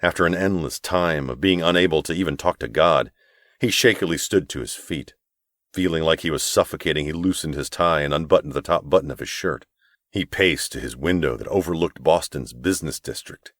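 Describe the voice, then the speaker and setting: A man narrating an audiobook in a measured, even storytelling manner. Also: extremely low pitch, no echo, studio quality. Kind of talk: scripted narration.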